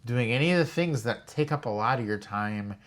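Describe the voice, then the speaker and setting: A man's voice: mid-range voice, lively intonation, brisk. A man co-hosting a travel vlog, steadily explaining things to the camera and listing examples one after another. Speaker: co-host of a retirement travel channel. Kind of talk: casual explanatory chat to camera.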